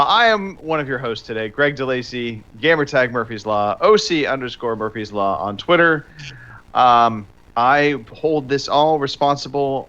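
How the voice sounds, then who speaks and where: An upbeat man hosting a podcast with a bright, forward tone. He teases his co-hosts, and his pitch moves a lot as he talks. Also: dull audio. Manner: upbeat, teasing. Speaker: podcast host. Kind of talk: casual chat.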